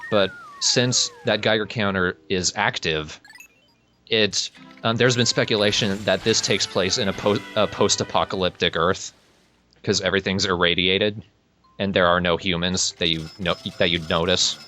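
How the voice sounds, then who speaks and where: Deep, bright-voiced nerdy co-commentator. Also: male voice, fairly even intonation, moderate pace, soft background music. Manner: nerdy, explains game lore and speculation with fillers. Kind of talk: casual game commentary.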